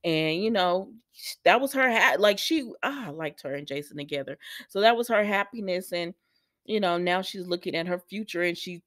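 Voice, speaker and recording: A woman's voice: on the low side, normal speed, a bit bright, no room sound. Woman doing a chatty soap recap, talking right to her viewers, dry close sound. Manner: chatty, addresses viewers directly. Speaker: soap opera recap vlogger. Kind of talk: casual chat.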